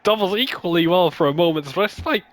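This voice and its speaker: A man's voice: high-pitched, lively intonation, fairly bright tone, pitched above the performer's own voice. Man putting on a Scottish bug wanderer. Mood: friendly. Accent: put-on Scottish drifting to Irish. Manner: slow, drawn-out delivery, keeps laughing. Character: male wandering bug explorer, friendly, attempted Scottish.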